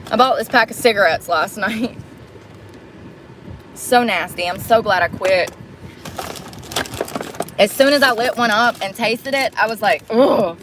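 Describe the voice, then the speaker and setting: Woman vlogger, rambling, blunt and sarcastic, fairly high voice, phone mic in a parked car with faint road hum. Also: a little slow, long pauses. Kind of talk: casual rambling vlog.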